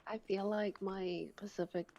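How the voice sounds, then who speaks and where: A woman chatting quietly on a podcast with dry, teasing remarks. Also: mid-range voice, steady tone, measured pace, muffled recording. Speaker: podcast co-guest. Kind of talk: casual chat.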